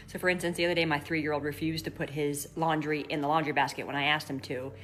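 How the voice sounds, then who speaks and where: Brief: young mom, low voice, talks fast, practical step-by-step parenting advice to camera. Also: female voice, level tone, a little hiss or hum. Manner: practical, matter-of-fact, explaining step by step. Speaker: mother giving parenting tips.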